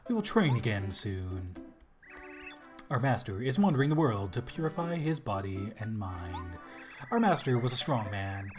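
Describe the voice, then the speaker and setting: A man voicing grave, dutiful toad dojo students in a video game, speaking low and slow over game music. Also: very animated. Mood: solemn.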